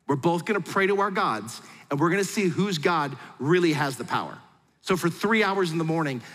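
Lively male pastor in a reverberant hall. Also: high voice. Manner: lively, conversational preaching with acted-out quotes. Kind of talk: sermon. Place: large church hall.

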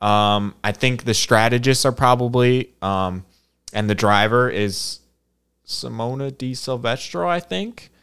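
A man's voice: medium pitch, measured pace, fairly bright tone, clear, resonant tone. A young man with a Michigan accent, co-hosting a casual podcast. He talks bluntly, swears casually, and rambles with hesitant ums. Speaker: podcast co-host.

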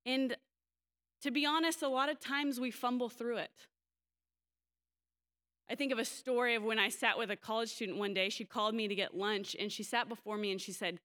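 A woman's voice: fairly high pitch, fairly even intonation, normal speed, fairly bright tone. A young adult woman pastor preaching a sermon in a candid, storytelling way, livening up when she quotes others.

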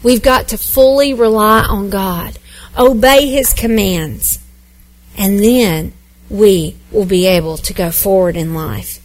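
A woman's voice: medium pitch, slow. A woman pastor preaching a sermon, earnest and repetitive, building emphasis phrase by phrase.

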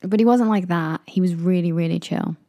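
A young woman with an English accent chats away, spinning anecdotes and jumping into little voices for the people in them. Her voice sits low and gravelly, with a mellow tone, recorded dry and close. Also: a little fast, no echo, lo-fi sound. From England. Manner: chatty storyteller, acts out quotes in raised voices. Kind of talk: casual chat.

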